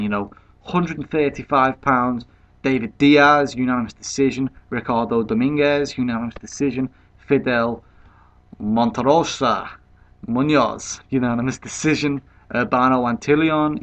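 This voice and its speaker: A man's voice: medium pitch, fairly bright tone. Man giving a casual boxing prediction. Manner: conversational, leans on "you know" fillers. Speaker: boxing pundit. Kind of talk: casual fight prediction monologue. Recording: dull lo-fi recording.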